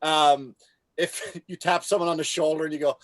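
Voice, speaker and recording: A man co-hosting a podcast, telling crude jokes in a lively, playful way. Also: on the high side, moderate pace, heavy background noise. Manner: crude, joking, lively delivery. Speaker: podcast co-host. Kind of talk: casual podcast chat.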